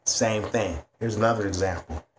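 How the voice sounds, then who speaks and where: A man's voice: on the low side, moderate pace, a little hiss or hum. A man ranting to camera in a vlog, blunt and heavy on profanity. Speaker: vlogger.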